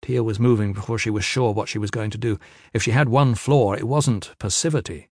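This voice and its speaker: In a dry, clean studio recording, a man with a lowish voice reads scripted audiobook narration. His delivery is steady and measured, like a storyteller's.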